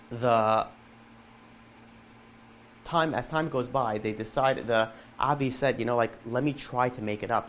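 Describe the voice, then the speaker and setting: A man of middle pitch tells a story at an event, lively and conversational, slipping into the characters' voices as he goes. A faint hiss of noise sits under his voice. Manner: animated storyteller, quick asides and acted-out dialogue. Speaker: rabbi telling an inspirational story. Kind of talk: live storytelling talk.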